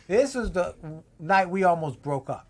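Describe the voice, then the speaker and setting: A middle-aged man with a fairly high voice tells a marriage story with loud, playful energy. He laughs often and pushes his volume up as the tale builds. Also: expressive, a little slow. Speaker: guest author and speaker. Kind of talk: animated storytelling.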